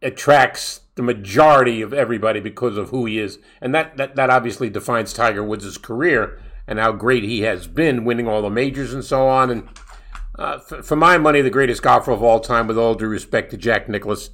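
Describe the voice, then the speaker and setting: A man hosting a sports radio show, chatting casually and animatedly, sometimes acting out fans yelling. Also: medium pitch, a little fast.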